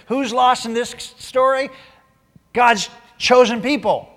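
A man preaching a sermon, reading scripture aloud and growing loud and emphatic as he drives points home. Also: extremely high pitch, expressive, unhurried, big-room sound. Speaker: pastor.

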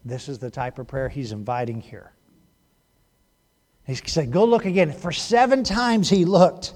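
A male pastor giving a sermon in a conversational way, moving between hushed moments and animated bursts. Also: medium pitch, measured pace.

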